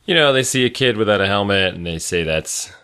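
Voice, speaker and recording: A man's voice: on the low side, lively intonation, fast, pushed and bright, smooth. A man co-hosting a podcast, making dry joking asides in a casual chat. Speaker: podcast co-host.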